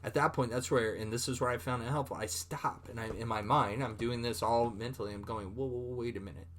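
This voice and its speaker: A man's voice: mid-range voice, fairly even intonation, fairly quick, a bit bright. A man giving a recorded online lecture, speaking conversationally with many repeated words and acting out his own thoughts.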